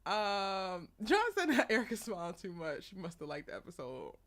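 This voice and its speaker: A woman's voice: fairly low pitch, very animated, normal speed. A young woman hosting a casual live stream, chatty and laughing often as she greets viewers by name. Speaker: live show host.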